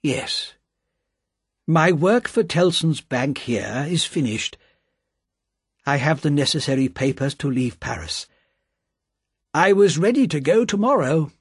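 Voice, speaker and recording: Sad tired old banker done by a man, plaintive, husky. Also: on the high side, animated, slow pace, pauses often, no echo, studio quality, voice pushed up, exaggerated voice. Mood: sorrowful. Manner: sorrowful and plaintive.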